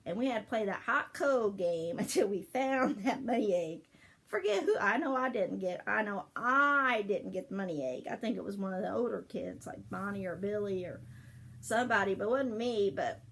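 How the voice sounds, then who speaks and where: An older woman telling childhood family stories in a casual, rambling way, laughing often as she remembers. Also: a little high. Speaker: storyteller. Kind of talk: casual memorial storytelling.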